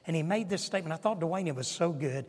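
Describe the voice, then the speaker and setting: A pastor in his sixties preaching a sermon, swinging from hushed asides to shouted emphasis. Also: on the high side, expressive, fast. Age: 60s. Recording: long hall reverb.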